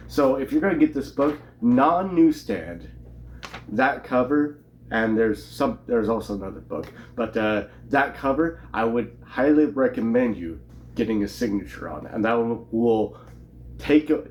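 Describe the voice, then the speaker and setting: A man's voice: mid-range voice, animated, a little slow, darkish tone, a little hiss or hum. A man co-hosting a casual comic book talk, blunt and matter-of-fact as he reads out figures. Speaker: co-host of a comic collecting show. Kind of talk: casual chat.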